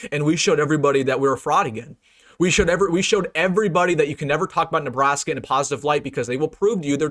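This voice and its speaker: A man's voice: on the high side, a bit bright. A young man hosting a live-streamed sports reaction, ranting in an emphatic, repetitive, frustrated way. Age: young adult. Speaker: sports fan channel host.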